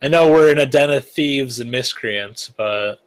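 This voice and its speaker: A man playing a tabletop game, speaking hesitantly with pauses. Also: medium pitch, clean tone, low-quality recording. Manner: hesitant, halting speech. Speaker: player. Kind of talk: casual tabletop play.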